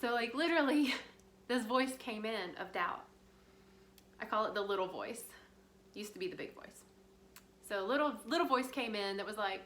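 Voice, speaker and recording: A woman's voice: medium pitch, normal speed, pauses often, fairly bright tone. Woman, casual spiritual talk, rambling and chatty, roomy echo, faint hiss behind. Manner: chatty, rambling, full of fillers. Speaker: spiritual guide. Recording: roomy with faint background noise.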